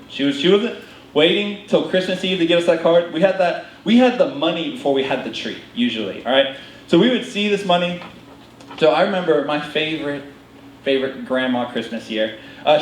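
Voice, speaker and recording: A young man tells a story as part of a sermon, lively and self-interrupting, slipping into the voices of his family. His voice sits a little high and carries from a distance through an echoey hall. Faint room ambience runs underneath. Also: slight background noise. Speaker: preacher. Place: worship hall.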